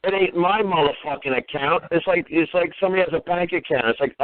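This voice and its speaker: A man's voice: fairly high pitch, fast, no room sound. A man hosting a call-in talk show, scolding a caller in a profane, sarcastic way. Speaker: host. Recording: phone-quality radio audio.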